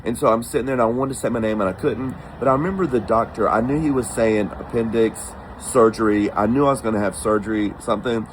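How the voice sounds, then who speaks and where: A man's voice: mid-range voice, fast talker, hardly any pauses, slight background noise, low-quality recording. A man telling a personal travel story casually and with animation, acting out the voices of the people in it. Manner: animated, acts out quoted voices.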